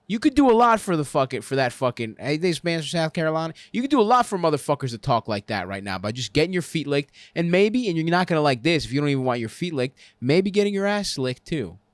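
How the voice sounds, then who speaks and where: A man's voice: fairly high pitch, big pitch swings, fast talker, few pauses, dry recording. A man hosting a comedy advice show, ranting crudely and laughing at his own jokes on a close mic.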